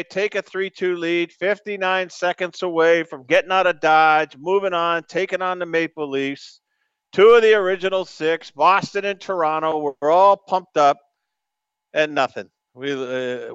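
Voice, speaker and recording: A man's voice: high-pitched, fairly bright tone, smooth, no room sound, dull audio. A man hosting a call-in sports radio show, ranting in an emphatic, exasperated way. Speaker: sports talk radio host.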